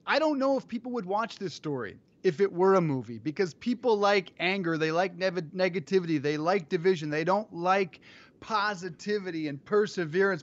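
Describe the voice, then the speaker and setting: A man's voice: high-pitched, no echo, highs cut off. A man hosting a sports talk show, talking directly and giving firm opinions.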